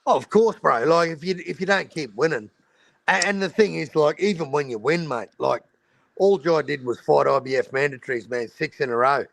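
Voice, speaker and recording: A man's voice: fairly high pitch, moderate pace, gravelly, a bit bright, no echo. An Australian man hosting a casual boxing livestream over a video call, blunt and swearing freely in Aussie slang. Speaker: boxing talk show host.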